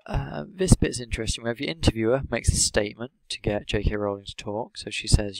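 Man, English teacher, lesson narration, low voice, monotone delivery, dry close sound. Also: creaky, dry recording, rough recording. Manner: measured, steady, explaining.

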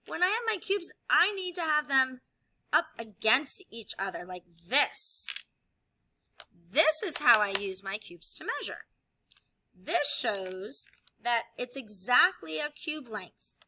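A woman teacher explaining a lesson while she demonstrates with objects, upbeat and clear. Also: high-pitched, sing-song, slow pace, bright, forceful tone. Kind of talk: classroom video lesson.

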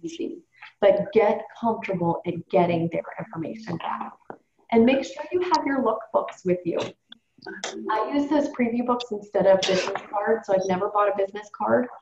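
A woman's voice: medium pitch, normal speed, a little mellow, a little hiss or hum. Woman coaching her team on a call, chatty and upbeat, echoey muffled audio. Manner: upbeat, coaching tone, addresses group as you guys. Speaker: direct sales team leader. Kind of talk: training call talk. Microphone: call or webinar. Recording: roomy, dull conference call audio.

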